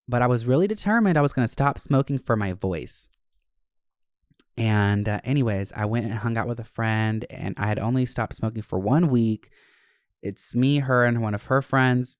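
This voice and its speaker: Young man, casual storyteller, profane and animated, smooth voice, dry close sound. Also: on the low side, moderate pace, no room sound.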